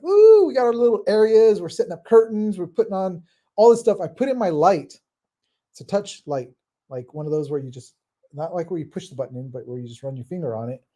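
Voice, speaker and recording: A man hosting a casual podcast, his voice strikingly dark and mellow in tone while sitting a little high. He talks in a chatty, rambling way and laughs easily. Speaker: podcast host. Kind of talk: casual chat.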